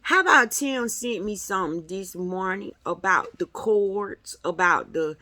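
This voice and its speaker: A woman at home, talking to her viewers in a playful, animated way. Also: medium pitch, measured pace, no room sound. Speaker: vlogger. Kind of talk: casual chat to viewers. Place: at home indoors.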